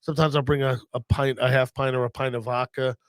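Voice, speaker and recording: A man's voice: medium pitch, flat delivery, fast, no room sound. Laid-back blunt man on a podcast. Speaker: podcast co-host, comedian. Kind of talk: casual podcast chat.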